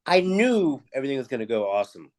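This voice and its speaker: A man, a music promoter, telling animated backstage anecdotes in a casual interview, acting out dialogue and swearing freely. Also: medium pitch, fast.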